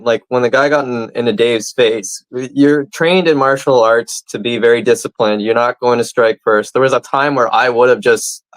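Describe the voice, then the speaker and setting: A man's voice: mid-range voice, no room sound, rough recording. A man co-hosting a comedy podcast, talking earnestly and asking pointed questions. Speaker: podcast co-host. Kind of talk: casual podcast chat.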